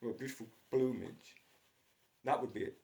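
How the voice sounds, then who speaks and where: A man talks on his own channel in a loose, wandering monologue, jumping from jokes to old family stories. His voice is gravelly with a noticeable fry, and his pitch sits in an ordinary middle range for a man. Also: moderate pace, darkish tone. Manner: digressive, jokey, wandering between stories. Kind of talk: rambling solo monologue.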